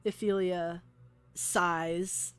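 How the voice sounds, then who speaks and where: A woman's voice: fairly low pitch, fairly even intonation. A woman from the American South narrating as game master, with lots of fillers. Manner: slow, filler-heavy narration.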